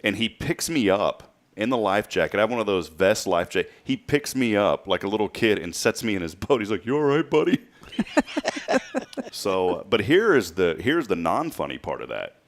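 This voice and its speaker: A man's voice: lowish voice, sing-song, normal speed, few pauses. A man in his late thirties hosting a show, telling stories in a casual, chatty way and laughing often. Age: late 30s. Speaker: podcast host. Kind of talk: casual chat.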